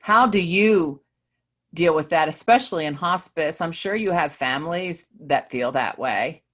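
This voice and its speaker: Woman interviewer, real low voice, slow and hesitant, thinks out loud. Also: expressive. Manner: reflective, hesitant, searching for words. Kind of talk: conversational interview.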